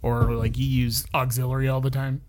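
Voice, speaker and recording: A man's voice: mid-range voice, little pitch movement, fairly quick, crowd noise. A man joking and swearing freely in a casual podcast chat. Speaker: podcast cast member.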